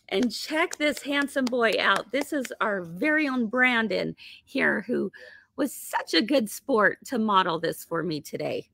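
A woman hosting a live sewing tutorial, bubbly and chatty and laughing often, her voice slightly hoarse. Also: fairly high pitch, pushed and bright, no echo, studio quality. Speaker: quilt shop host.

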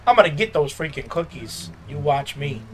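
A man's voice: fairly high pitch, very animated, heavy background noise. A man doing a swaggering Italian-American mobster. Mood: rowdy. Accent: Italian-American New York mobster. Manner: tough-guy, swaggering, quick to pick fights. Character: brash middle-aged male Italian-American mobster. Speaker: gaming YouTuber. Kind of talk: in-character comedic gameplay commentary. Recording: roomy echo with game music behind.

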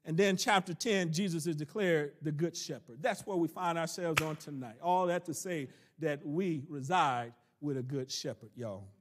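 High-voiced preaching man, drawn-out emphasis. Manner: preacherly, drawn-out emphasis on key phrases, folksy asides. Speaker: pastor teaching Bible study. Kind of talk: sermon-style Bible teaching. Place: church.

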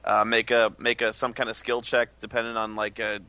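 A man's voice: medium pitch, level tone, brisk, sharp tone. A man at a tabletop game casually explaining the rules. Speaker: player. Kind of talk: casual chat.

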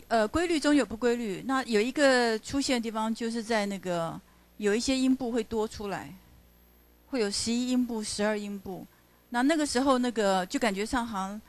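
Halting woman lecturer scanning poetry aloud. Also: fairly high pitch. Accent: Taiwanese Mandarin. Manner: halting, many "uh" fillers, stresses words while scanning poetry. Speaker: university literature lecturer. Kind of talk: classroom lecture mixing Mandarin and English. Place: university classroom.

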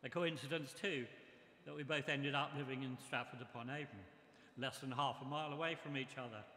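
Older guy, bright sharp voice, slow measured memorial speech, big echoey hall. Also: mid-range voice, fairly even intonation. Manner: measured, reminiscing delivery. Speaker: memorial speaker. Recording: echoey hall with long reverb.

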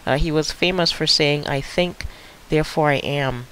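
Man teaching a recorded lecture, slightly high voice, loose and casual delivery, light background hiss. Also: moderate pace, fairly bright tone, low-quality recording. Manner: casual, with many fillers and restarts. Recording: faint hiss.

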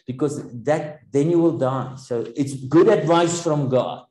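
A man preaching a sermon in an earnest, explanatory way, pausing often. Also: mid-range voice, warm tone, reverberant, poor audio.

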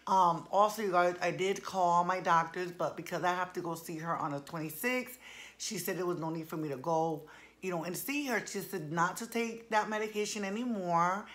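A woman's voice: fairly low pitch, normal speed, a bit bright. A woman in her forties chatting casually to her viewers, full of slang and calling them y'all. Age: 40s. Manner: colloquial, playful slang. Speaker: vlogger. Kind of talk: casual chat.

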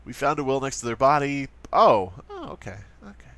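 A man's voice: mid-range voice, big pitch swings, brisk, creaky, fairly bright tone, no room sound. A man doing playful, sarcastic let's play commentary while playing and talking straight to his viewers. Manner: sarcastic, jokey, talks to viewers. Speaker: gaming commentator.

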